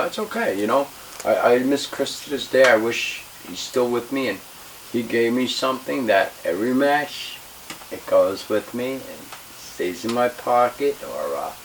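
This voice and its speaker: A man telling a wrestling story in an interview, heated, emphatic and profane. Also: on the low side. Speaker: retired pro wrestler. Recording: distant mic with faint hiss.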